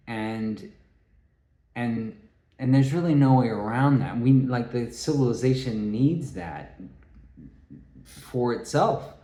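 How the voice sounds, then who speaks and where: A man giving a rambling solo talk, halting and restarting his phrases. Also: mid-range voice, mellow. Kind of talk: rambling spoken monologue. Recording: echoey room.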